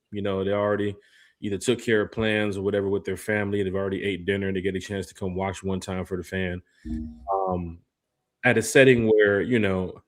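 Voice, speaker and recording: Low-voiced man reading live chat shout-outs. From lived in Memphis. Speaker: podcast co-host. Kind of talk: casual live-stream chat.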